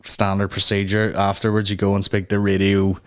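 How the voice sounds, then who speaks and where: A man's voice: on the low side, completely flat delivery, brisk. A man hosting a comedy podcast, rambling through a casual rant and swearing constantly.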